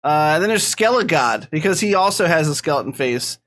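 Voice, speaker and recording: Male podcast co-host, casual, lively pitch, laughs a lot. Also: brisk. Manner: rambling, laughs often.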